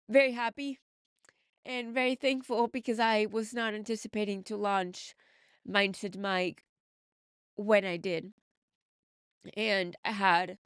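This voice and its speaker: A woman's voice: medium pitch, clean tone, dry recording, clean studio sound. A woman podcast host and mindset coach, talking earnestly and encouragingly to her listeners in a motivational monologue. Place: home recording setup in the UK.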